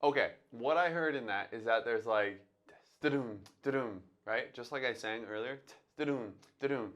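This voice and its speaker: A man's voice: mid-range voice, normal speed, fairly bright tone, soft background music. A man teaching drums in a casual, step-by-step way, thinking aloud and singing drum sounds as he goes. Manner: talks through his thinking, sings drum sounds aloud. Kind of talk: casual instructional talk.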